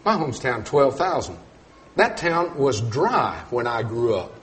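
A middle-aged man preaching a sermon, telling folksy stories and swinging between loud emphatic points and quiet low asides. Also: sing-song, a little slow. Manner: storytelling with folksy humor.

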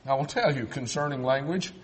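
A man's voice: medium pitch, fairly quick. An older man from South Texas preaching a sermon, folksy and emphatic, mixing Bible argument with family stories.

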